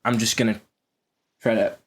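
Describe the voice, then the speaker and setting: A man voicing a harried, apologetic male doctor who stammers while rushing. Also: fairly low pitch, little pitch movement, natural voice. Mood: flustered. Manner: flustered, stammering.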